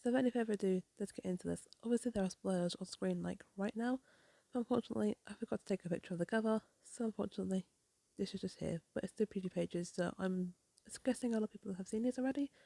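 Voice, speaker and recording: A woman's voice: medium pitch, quick pace, creaky, mellow, no echo. A woman hosting a casual, rambling comic recap, apologetic at times. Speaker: comic reviewer. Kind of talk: casual chat.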